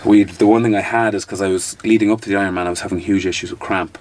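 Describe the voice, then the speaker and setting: A guest in his thirties with an Irish accent tells stories in a casual interview, his low voice racing along. He's animated, keeps restarting sentences, and swears now and then, with slight background noise behind him.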